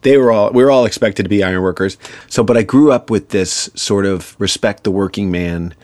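A man talking earnestly as an interview guest, reflective and a little halting. His voice sits low, and the recording is dry and close. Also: a little mellow, no room sound. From New York. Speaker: guest, actor and comedian. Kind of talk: interview conversation.

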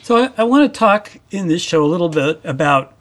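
A man's voice: high-pitched, sing-song, a little fast, fairly bright tone. A male interviewer asking curious, rambling questions and hosting the conversation. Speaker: interviewer, host.

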